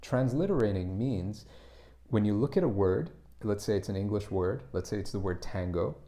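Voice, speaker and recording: Man, pronunciation coach, casual lesson, low voice, warm relaxed tone, repeats words while explaining. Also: normal speed.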